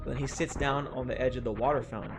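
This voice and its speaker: A man's voice: mid-range voice, steady tone, quick pace. Casting note: young male game streamer, easygoing, rambling storyteller who keeps saying "like", with game music underneath. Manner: rambling, with many "like" fillers and chuckles. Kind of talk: casual storytelling while playing a game.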